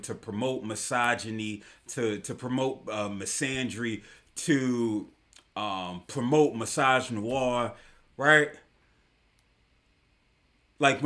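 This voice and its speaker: A man's voice: medium pitch, fairly bright tone. Emphatic man hosting a talk show. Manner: emphatic, slangy, repeats points for effect. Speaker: host of a live online talk show. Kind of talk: casual commentary.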